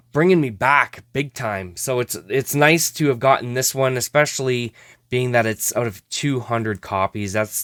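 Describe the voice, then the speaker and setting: A man's voice: mid-range voice, fairly bright tone, dry recording, studio quality. A man hosting a hockey card opening show, chatting casually and exclaiming over each card, often laughing at himself.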